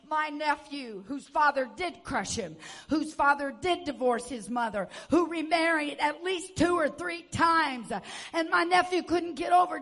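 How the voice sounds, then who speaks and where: A woman preacher giving an impassioned sermon, moving between hushed tones and shouting as she tells stories. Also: high-pitched, a little slow. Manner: storytelling with acted-out quotes.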